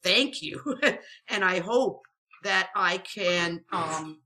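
An older woman, a podcast guest, chatting casually and saying warm goodbyes. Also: on the low side, very slow. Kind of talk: casual chat.

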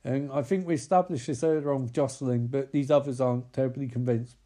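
A man's voice: medium pitch, fairly even intonation, fast, dark tone. A man rambling through a comic film recap, swearing and interrupting himself. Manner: rambling, profane, self-interrupting.

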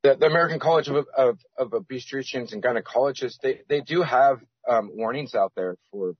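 A man's voice: mid-range voice, a little fast, breathy edge, no echo. A man as a podcast guest, rambling with many restarts and fillers. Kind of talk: casual podcast interview. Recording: dull lo-fi sound.

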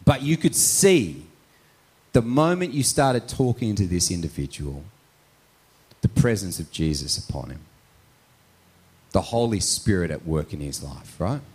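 A man's voice: deep voice, sing-song, unhurried, long pauses, a little mellow, husky. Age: adult. A male pastor telling a story in a conversational sermon, often tagging his points with "right?". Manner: storytelling, frequent "right?" tags.

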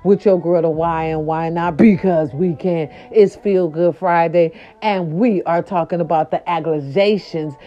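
A woman's voice: a little slow, few pauses, faint music behind. A woman hosting a casual gossip talk show, sassy and dramatic, with slangy, playful delivery. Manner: animated, sassy, slangy, dramatic pitch swings. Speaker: show host. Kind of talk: casual celebrity gossip monologue. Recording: dull lo-fi audio.

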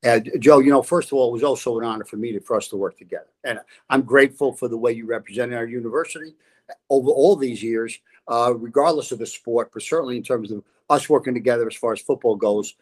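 A man's voice: medium pitch, quick pace. An older man, a football coach, telling stories as a podcast guest and laughing often. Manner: lively storyteller, laughs often. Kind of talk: casual podcast chat.

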